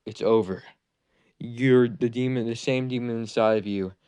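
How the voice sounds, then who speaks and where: A man's voice: medium pitch, steady tone, moderate pace, warm tone, clean tone, no room sound, studio quality, lightly acted. A man voicing a scheming, treacherous male ninja teacher who taunts and gloats, in a fan-made anime story. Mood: taunting.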